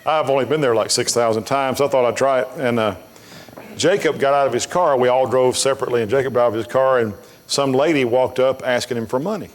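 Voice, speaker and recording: A man's voice: mid-range voice, fast. A man preaching a sermon as pastor, telling folksy stories bluntly and building to emphatic preaching. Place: church sanctuary. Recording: long hall reverb of a church.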